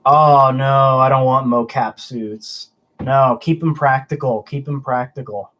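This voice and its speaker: A young man hosts a casual livestream, talking loosely and answering viewer comments, rambling and chatty with frequent stumbling restarts. His mid-range voice holds a steady tone, fairly bright, at a slightly slow pace.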